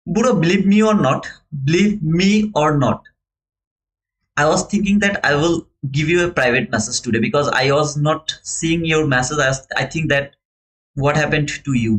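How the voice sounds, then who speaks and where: A fairly high-voiced young man with a non-native English accent, chatting through a live trading stream. He is earnest and friendly and calls his viewers brother. His talk is casual and unscripted. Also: moderate pace, a bit bright, low-quality recording. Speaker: live-stream futures trader and host.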